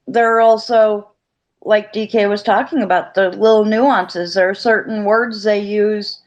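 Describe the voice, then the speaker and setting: A woman's voice: mid-range voice, darkish tone, muffled recording. A woman who grew up in the Virgin Islands, Florida and New Mexico, chatting casually in an online audio space with a rambling, chatty manner. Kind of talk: casual chat.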